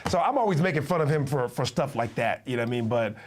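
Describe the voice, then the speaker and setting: A man hosting a casual chat, animated and often laughing as he tells stories. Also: mid-range voice, quick pace. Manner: animated, laughing, puts on mocking voices in quotes. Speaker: host.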